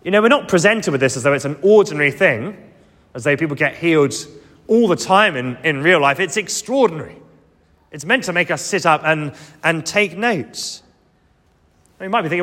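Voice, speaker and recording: A man's voice: a little high, lively intonation, moderate pace, a bit bright, long reverb tail. A man preaching a sermon, earnest and emphatic, coming back to key phrases again and again.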